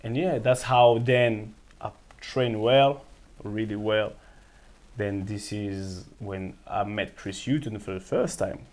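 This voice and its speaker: A former football player from France, interviewed as a guest, tells his story slowly in a lowish voice and French-accented English. He acts out the quoted figures with animation and breaks into laughter often.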